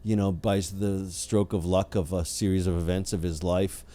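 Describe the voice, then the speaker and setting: A man's voice: low-pitched, steady tone, moderate pace, dark tone. A man co-hosting a podcast in casual chat, wry and critical, with many hesitant fillers. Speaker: podcast co-host.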